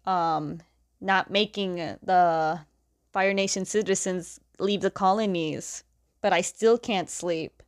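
A woman's voice: lowish voice, fairly even intonation, slow. A woman voicing a stubborn, conflicted young male ruler as she retells a story, talking in a defiant, indignant way.

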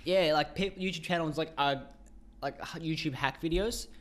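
A man's voice: a little high, normal speed, fairly bright tone. A young man with a whiny voice, co-hosting a casual podcast, rambling, swearing and laughing often. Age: young adult. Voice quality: whiny, nasal. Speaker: podcast co-host. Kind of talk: casual chat.

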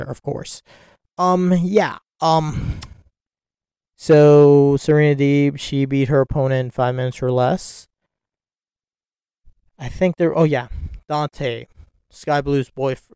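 A man's voice: medium pitch, a little mellow, smooth, no room sound. Rambling, giggly man in a dry room. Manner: rambling, giggly, many fillers and restarts. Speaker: wrestling podcast host. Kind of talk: casual solo commentary.

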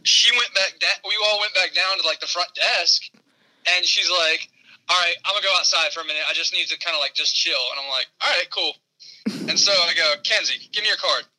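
A man's voice: high-pitched, a little fast, sharp tone, rough recording. A man calling in to a radio show, telling a story in a laid-back, profane way. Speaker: caller. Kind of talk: casual phone-in chat.

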